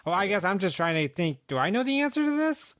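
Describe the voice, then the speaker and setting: A man in his forties co-hosting a casual podcast, answering jokes with deadpan agreement. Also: high voice, quick pace. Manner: deadpan, plays along with jokes. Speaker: podcast co-host. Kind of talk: casual chat.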